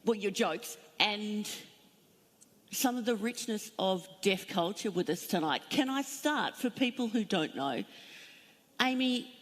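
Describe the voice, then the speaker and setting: Woman moderating on stage, very slow pace, long hall reverb. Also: mid-range voice, animated. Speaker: panel moderator. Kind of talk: moderating a panel. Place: main stage at a museum, before an audience.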